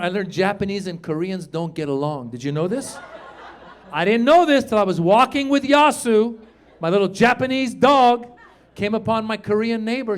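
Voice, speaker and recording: A middle-aged man from Iran performing a stand-up comedy set on a club stage, acting out voices and shouting his punchlines into a handheld mic. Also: sits high.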